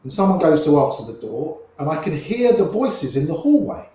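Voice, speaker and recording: An older man, an interview guest, telling lively anecdotes and acting out the voices of the people in them. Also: a little high, fairly quick, very echoey, low-quality recording. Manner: lively raconteur, acts out quoted voices. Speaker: interview guest, poker player. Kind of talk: anecdotal storytelling.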